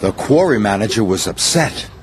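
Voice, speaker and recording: A man narrating a children's storybook in a slow, expressive manner. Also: lowish voice, background noise. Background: music.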